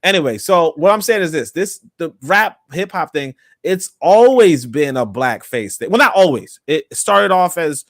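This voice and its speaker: A man's voice: on the high side, very animated, moderate pace, hardly any pauses, a bit bright, dry recording, clean studio sound. A man hosting a livestream podcast, talking in a loose, rambling way with many fillers and asides. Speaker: podcast host. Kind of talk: casual livestream talk.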